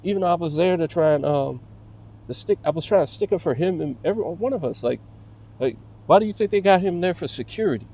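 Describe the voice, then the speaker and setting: A man's voice: fairly high pitch, lively intonation, fast, warm tone, rough recording. A man ranting casually about an incident, profane and agitated, with many fillers like "bro" and "like". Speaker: vlogger. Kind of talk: casual rant to camera.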